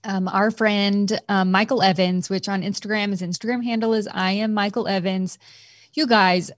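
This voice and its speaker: A woman's voice: medium pitch, steady tone, moderate pace, no room sound, studio quality. A woman in her thirties co-hosting a podcast, chatting casually and laughing easily. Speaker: podcast co-host. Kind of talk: casual chat.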